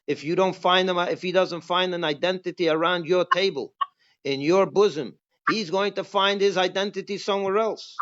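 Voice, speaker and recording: A man with a high voice gives a religious class as a rabbi. He teaches emphatically and keeps asking his listeners rhetorical questions. The recording sounds dull and lo-fi. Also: steady tone, moderate pace, a bit bright. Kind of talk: Passover class.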